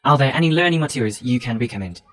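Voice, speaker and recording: A man's voice: medium pitch, animated, rapid-fire. A man interviewing, asking brief, curious questions.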